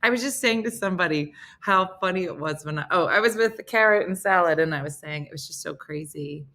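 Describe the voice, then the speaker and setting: A woman's voice: fairly low pitch, a little fast, sharp tone. A woman hosting a casual morning show from New Jersey, chatting in a rambling way and laughing often. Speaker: host.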